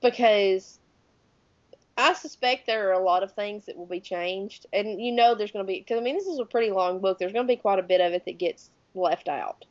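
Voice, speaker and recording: Speaking at a medium pitch, a roughly thirty-year-old Southern American woman co-hosts a podcast in relaxed, talkative chat. Excitement makes her louder and quicker. There's no room sound, and the audio is lo-fi.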